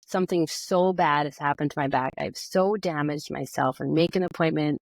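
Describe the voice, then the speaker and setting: A woman's voice: low-pitched, normal speed, no echo, low-quality recording. A woman, a physical therapist and yoga teacher, telling a personal story as a podcast guest, acting out her own past words. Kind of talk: conversational storytelling.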